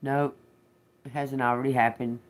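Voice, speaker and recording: A man's voice: mid-range voice, level tone, normal speed. Chatty, cussing livestream tarot reader man. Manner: chatty, talks straight to viewers, laughs often; swears, snaps back at chat commenters. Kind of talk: casual livestream tarot reading.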